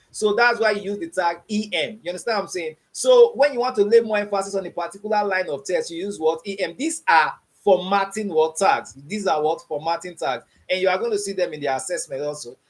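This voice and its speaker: A man's voice: high voice, fairly quick. A man teaching a beginners' coding class online, repeating his checks for understanding and quizzing the learners with open questions. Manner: repeats "you understand what I'm saying?" and quizzes with "what?". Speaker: coding instructor.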